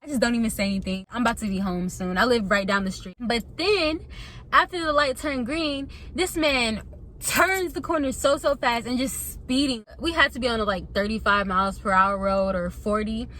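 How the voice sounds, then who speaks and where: A young woman vlogger telling a casual storytime to her viewers, animated and chatty, calling them y'all. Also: a little high, normal speed, slight background noise.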